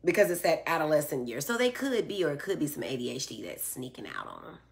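A woman's voice: sits low, sing-song, fast, vocal fry. A middle-aged woman hosting a live stream, reading out viewer comments and explaining patiently with everyday examples. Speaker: host answering viewer comments. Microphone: phone or tablet.

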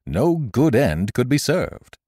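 A man's voice: mid-range voice, sing-song, takes it slowly, dark tone, no room sound, studio quality, voice pushed up. A man voicing a severe middle-aged surgeon who speaks bluntly and emphatically. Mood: stern.

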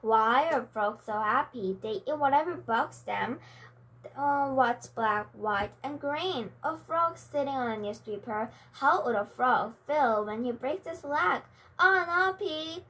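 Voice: high-pitched, expressive, slow pace, sharp tone, full character voice. A woman reading aloud as a frog princess telling silly jokes, stretching out her punchlines. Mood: playful.

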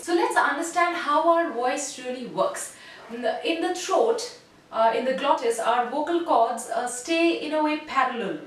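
A woman giving an online voice lesson as a voice coach, speaking in a measured, instructive way and demonstrating sounds. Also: sits high. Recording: very echoey room, voice heard from a distance.

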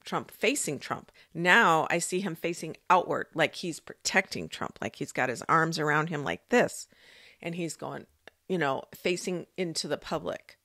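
Brief: low-voiced woman, casual rambling vlog talk, dry close-mic sound. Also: a little slow, sharp tone, no echo. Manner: rambling, thinking aloud with fillers and restarts. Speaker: psychic vlogger. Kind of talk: casual monologue.

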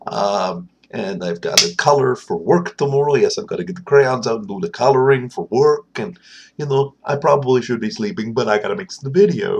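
A man's voice: medium pitch, big pitch swings, a little fast, breathy edge. A man talking to camera in a casual late-night video diary, rambling, chatty and poking fun at himself. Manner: rambling, chatty and self-mocking. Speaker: video blogger.

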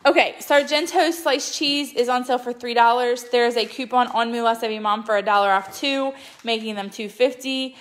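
Chatty woman with a higher voice. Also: fairly even intonation, moderate pace, hardly any pauses. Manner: chatty and upbeat, lots of ums. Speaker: couponing vlogger. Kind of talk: casual shopping haul chat.

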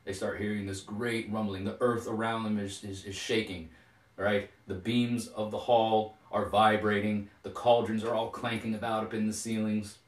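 A man's voice: lowish voice, level tone, moderate pace. A man retelling an old myth in a casual, rambling way full of fillers, recorded with a roomy echo from a distant mic. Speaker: storyteller.

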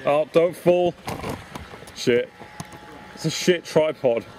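A man's voice: a little high, slow, darkish tone, slight background noise. Casual male vlogger, jokey and profane, on the camera mic at an outdoor pool. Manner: joking, swearing, laughing often. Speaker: vlogger filming a friend on an inflatable. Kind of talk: casual chat. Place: outdoor swimming baths. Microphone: handheld camera mic.

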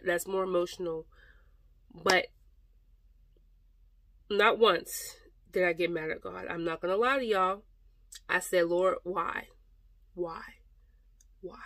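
A woman's voice: mid-range voice, normal speed, pauses often, pushed and bright, dry recording. A woman talking to her viewers about faith, exhorting them and repeating her points, calling them "y'all" and getting close to tears at moments. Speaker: faith vlogger. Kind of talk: personal devotional talk to camera.

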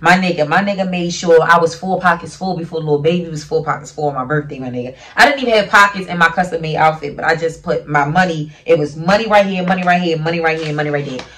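A woman's voice: low-pitched, fast talker, few pauses, fairly bright tone, distant mic. Brash, profane young woman telling a story. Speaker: vlogger. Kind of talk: casual storytime.

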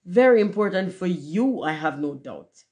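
A woman's voice: on the low side, expressive, normal speed, a little mellow, close to an everyday voice. A woman voicing a pompous, self-important male firework rocket in a storybook reading, haughty and self-pitying. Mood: indignant.

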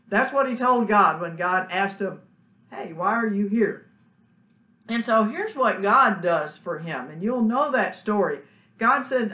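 A woman preacher giving a slow, earnest sermon, letting phrases trail off into soft, hushed endings. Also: medium pitch. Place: church sanctuary. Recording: echoey church room.

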